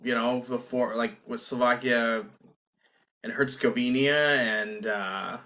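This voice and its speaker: A man's voice: medium pitch, steady tone, unhurried, sharp tone, dull audio. A man co-hosting a podcast in casual chat, talking hesitantly with many fillers. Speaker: podcast co-host.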